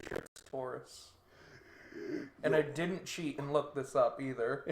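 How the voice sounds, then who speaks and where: A man's voice: mid-range voice, moderate pace. A man co-hosting a podcast, telling stories in a chatty way and laughing often. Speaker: podcast co-host. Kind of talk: casual chat. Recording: echoey room.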